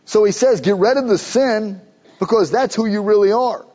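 A pastor preaching a sermon, emphatic, building to urgent questions. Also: male voice, sits high, normal speed, darkish tone, highs cut off.

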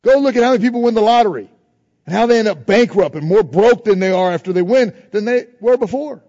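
A man preaching a sermon in informal phrasing, building to emphatic refrains and dropping to soft prayerful tones. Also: high-pitched, animated, quick pace, big-room sound, highs cut off. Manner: preaching with rising emphasis, repeated refrains and call-and-response. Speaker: pastor.

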